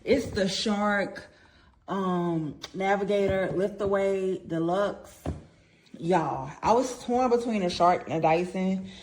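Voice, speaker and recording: A woman, out of breath, giving an excitable, animated product review that keeps calling out to viewers. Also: mid-range voice, slow.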